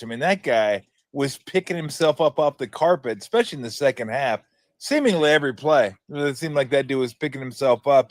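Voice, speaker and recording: A man hosting a sports radio show in a casual, animated style, his voice sitting fairly high for a man. He tells stories with quick asides and laughs along the way. The sound is close and dry, with no room around it. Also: dry recording.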